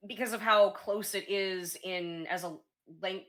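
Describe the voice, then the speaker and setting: A woman streamer speaks at a slow, unhurried pace, with a voice in the middle range for women. She explains things hesitantly, full of pauses and restarts, in a casual chatty tone. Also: mid-range voice, fairly even intonation, fairly bright tone.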